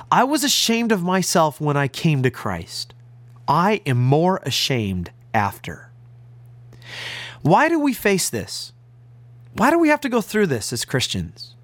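Earnest, lively-voiced male pastor. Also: a little high, dry recording. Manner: earnest, emphatic, stresses key words. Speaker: pastor and radio Bible teacher. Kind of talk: radio sermon.

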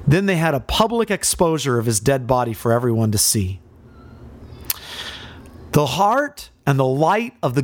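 A man's voice: mid-range voice, dry recording. A pastor delivers an expository sermon with drama, pressing his listeners with questions. His voice rises and falls widely. The recording is dry and close.

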